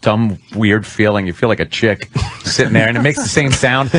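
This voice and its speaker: A man's voice: fairly low pitch, moderate pace, noisy background. Crude joking male radio host. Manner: crude, joking, laughs often. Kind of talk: casual radio banter. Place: radio studio.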